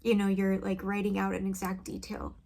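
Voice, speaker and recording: A musician and video creator talks briskly in a completely flat, creaky, slightly mellow medium voice, hesitantly reflecting in a personal vlog as she searches for words. Sound comes from a studio condenser mic with a pop filter in her home vocal booth.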